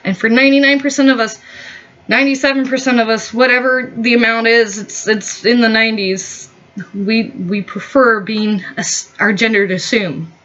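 A woman's voice: on the high side, fairly even intonation, normal speed, fairly bright tone, lo-fi sound. A woman vlogger in a heated, profane, rambling opinion rant.

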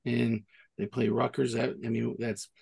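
Gravelly, husky middle-aged man. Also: medium pitch, flat delivery, moderate pace, a little mellow. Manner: rambling storyteller, restarts often. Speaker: podcast co-host. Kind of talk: casual chat.

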